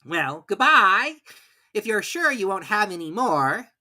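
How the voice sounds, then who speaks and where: A narrator voicing a fussy, prim rabbit in a storybook reading, brisk and matter-of-fact. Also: mid-range voice, very animated, bright, forceful tone, pitched above the performer's own voice, heavily acted.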